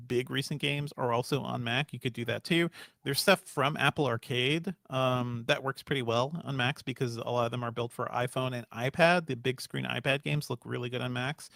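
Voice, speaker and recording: A man co-hosting a podcast in casual chat, explaining things in a relaxed way with fillers. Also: mid-range voice, gravelly, dry recording, clean studio sound. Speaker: podcast co-host.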